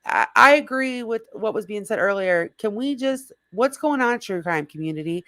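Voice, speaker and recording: A slightly hoarse woman hosting a casual livestream, rambling and greeting viewers in the chat by name. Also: medium pitch, animated, moderate pace, a bit bright, dry recording. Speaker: livestream host.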